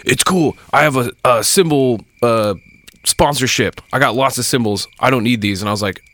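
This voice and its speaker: A man in the middle of a rambling bar story, talking loosely and swearing often. He jumps in and out of quoted voices, pushing his pitch well up to play the other people. His pitch sits in an ordinary middle range. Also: moderate pace. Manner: profane, animated, acts out quoted voices. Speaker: bar worker telling a story. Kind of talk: casual storytelling chat.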